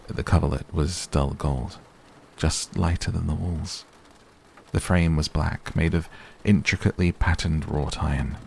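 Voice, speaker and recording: Brief: a very deep, gravelly man in a soothing whispered role-play sleep story, faint rain behind. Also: a little hiss or hum. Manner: soft, soothing, unhurried. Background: faint rain ambience.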